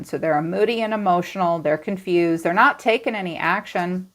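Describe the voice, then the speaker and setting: A tarot reader gives a casual reading, addressing her viewers directly in a blunt, chatty manner and slipping into playful quoted voices. Her voice is lowish, at a moderate pace with few pauses.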